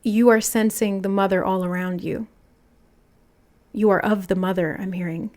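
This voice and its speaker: A woman giving an intuitive tarot reading, musing aloud in a soft, channeling manner as she relays messages. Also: mid-range voice, fairly even intonation, normal speed, long pauses. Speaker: tarot reader.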